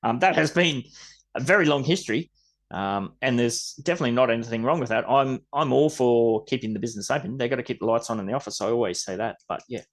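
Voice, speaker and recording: This podcast host is an Australian man with a medium-pitched voice who talks fast. His chat is casual and wandering, sprinkled with mild swearing.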